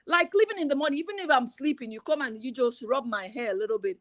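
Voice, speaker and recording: A middle-aged woman, a guest on a relationship talk show, telling lively stories and acting out bits of dialogue. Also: high-pitched, fast, dry recording. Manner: animated storytelling, acting out quoted dialogue. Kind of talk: casual chat.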